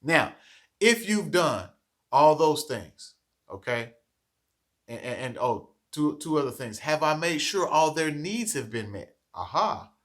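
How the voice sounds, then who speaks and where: A man's voice: a little high, sing-song, a little slow, a bit bright. A man giving a training talk to childcare teachers, earnest and coaching, often checking in with "okay?".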